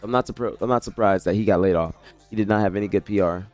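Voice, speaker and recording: A man's voice: on the low side, fast, darkish tone, faint music behind. A man streaming live, talking casually in a loose, rambling way, correcting himself mid-sentence and swearing now and then.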